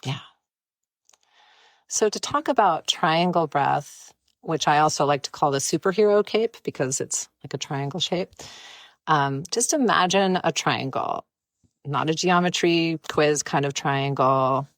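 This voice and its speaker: Low-voiced woman guiding breathwork. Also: no echo. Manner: gentle, playful, unhurried guidance. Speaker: breathwork guide. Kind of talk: guided breathwork instruction. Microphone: close mic, live stream.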